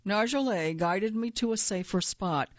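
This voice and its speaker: A woman reading her own first-person nonfiction essay aloud in a measured, earnest way, at times quietly angry. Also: medium pitch, no echo, highs cut off.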